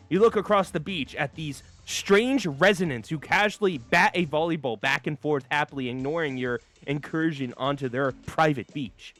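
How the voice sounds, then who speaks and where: A man streaming a dating game, reading it aloud with animated, laughing, rambling asides. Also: fairly high pitch, moderate pace, few pauses, soft background music. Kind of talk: casual gameplay commentary.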